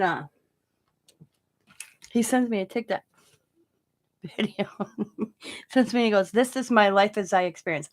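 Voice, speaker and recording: Chatty older woman crafter. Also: mid-range voice. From Wisconsin. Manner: chatty, rambling, laughs at own stories. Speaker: craft channel host. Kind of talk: casual chat while crafting live.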